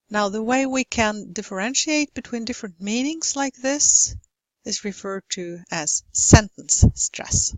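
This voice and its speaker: A woman explaining pronunciation as an English teacher, speaking slowly and enunciating clearly. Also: a little high, darkish tone, no room sound, poor audio. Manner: slow, deliberate, clearly enunciated. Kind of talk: instructional lesson narration.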